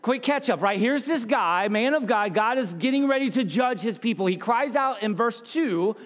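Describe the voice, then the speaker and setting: High-voiced pastor preaching in a hall. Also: male voice, expressive, moderate pace, hardly any pauses, fairly bright tone. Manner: conversational preaching with asides. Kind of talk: sermon.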